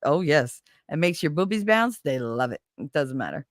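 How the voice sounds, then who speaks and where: Woman streamer host, casual animated storyteller, lowish voice, dry sound. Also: moderate pace, dry recording. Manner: animated storytelling, laughs often. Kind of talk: casual chat.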